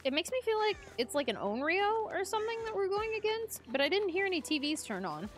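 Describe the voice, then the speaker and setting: High-voiced chatty young woman streamer. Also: sing-song, fairly quick. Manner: chatty, giggly, reads and greets chat. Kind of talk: casual live-stream chat while gaming.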